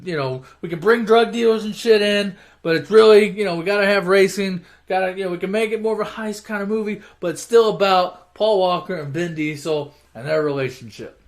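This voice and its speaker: A man casually retelling action movies for an online audience, swearing constantly and mocking the plots, jumping into shouted character voices. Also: high voice. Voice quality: swears constantly, mocks and rants. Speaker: movie recap storyteller.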